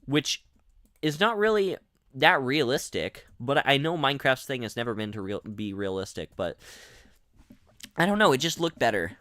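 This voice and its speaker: Lively, bright-voiced young man streaming a game. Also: mid-range voice, moderate pace, no echo, clean studio sound. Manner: rambling, chatty, many restarts; reads out chat messages. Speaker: gaming streamer. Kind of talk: casual gameplay commentary.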